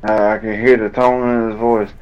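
A man, a fighter telling a painful story in an interview, drawling and halting as he acts out old conversations. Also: mid-range voice, level tone, smooth. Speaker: bare-knuckle fighter guest. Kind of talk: emotional storytelling in a podcast interview. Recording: dull lo-fi audio.

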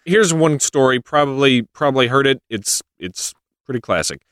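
A man co-hosting a podcast, retelling myths in a casual, animated and often laughing way. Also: medium pitch, moderate pace, no room sound, clean studio sound. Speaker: podcast co-host. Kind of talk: casual storytelling chat.

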